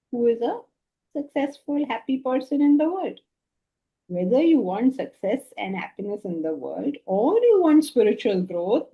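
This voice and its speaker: A woman spiritual teacher giving a philosophy lecture with stories, animated and asking rhetorical questions. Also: fairly high pitch, breathy edge, dull audio.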